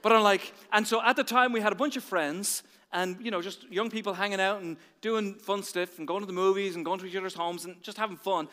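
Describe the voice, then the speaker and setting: An Irish man in his forties, a pastor delivering an animated sermon that swings from hushed to loud, recorded in a large church hall. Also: sits high, fairly quick, hardly any pauses. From Ireland.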